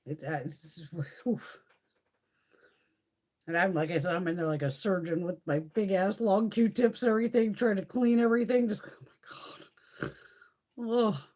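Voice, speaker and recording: Husky, profane woman chatting on a stream. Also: medium pitch, fairly even intonation, normal speed, warm tone. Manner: rambling, swears a lot; chatty, laughs often. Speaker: beauty live streamer. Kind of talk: casual live-stream chat.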